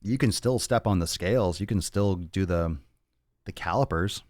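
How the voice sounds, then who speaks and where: Man, very deep voice, dry close sound, blunt and profane, rambling fitness host answering questions. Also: moderate pace, a little mellow, no room sound. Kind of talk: casual livestream Q&A.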